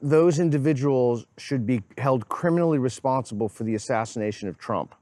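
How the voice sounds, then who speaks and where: A man's voice: mid-range voice, fairly quick, warm tone. A man with a Boston accent hosting a casual street interview, playful and teasing. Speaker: host. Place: outdoors on a college campus.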